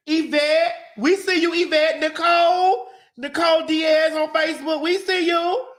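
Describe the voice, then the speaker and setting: At a measured pace, a woman hosting a live morning show greets viewers on the stream by calling out their names in a sing-song, playful voice, full of "honey" and "baby," frank, profane, and laughing. Her voice is very high with fairly even intonation.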